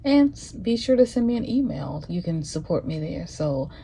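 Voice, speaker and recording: A woman hosting her own show, giving a slow, affectionate prophetic message that often sinks into a whisper. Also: lowish voice, very animated, mellow, slight background noise. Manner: slow, breathy, drifts into whispers; affectionate, calls listeners honey and baby. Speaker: host. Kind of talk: prophetic motivational monologue.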